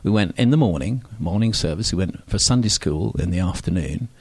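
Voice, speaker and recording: A man's voice: low voice, expressive, a little fast, slightly rough, dry recording. Wry older man with received pronunciation. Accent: received pronunciation English. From Scotland. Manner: wry, digressive, self-mocking with many fillers. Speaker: speaker telling a personal story. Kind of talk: storytelling talk. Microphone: microphone on stage.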